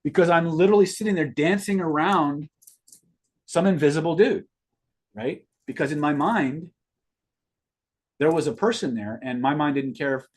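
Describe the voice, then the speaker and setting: A man's voice: fairly high pitch, normal speed, pauses often, darkish tone. A middle-aged man hosting a live stream, telling a rambling personal story in casual talk and repeating words as he goes. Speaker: host answering live viewers.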